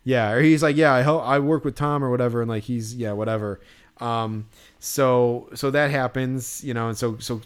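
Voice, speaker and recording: A man with a clear, resonant mid-range voice co-hosts a podcast, recapping a show in casual chat. He rambles with lots of "like" and other fillers, acting out what people said.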